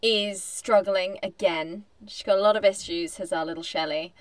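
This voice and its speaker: A woman co-hosting a podcast, chatting casually in an animated, wry way and laughing often. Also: mid-range voice, normal speed, dry recording. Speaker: podcast co-host. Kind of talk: casual chat.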